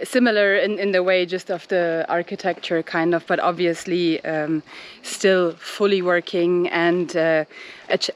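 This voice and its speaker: Breathless woman vlogging outdoors. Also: lowish voice. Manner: chatty, rambling with many fillers. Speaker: travel vlogger. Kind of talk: casual walking vlog chat. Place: outdoors at hillside ruins in hot sun.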